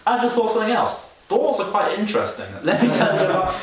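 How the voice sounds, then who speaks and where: A young man mimicking a condescending, slow-talking female museum tour guide who keeps repeating her formal address to the group. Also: high-pitched, a crowd in the background, pitched above the performer's own voice, close to an everyday voice. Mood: pompous. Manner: pompous, drawn-out, repeats "ladies and gentlemen". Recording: echoey room, distant mic, faint hiss.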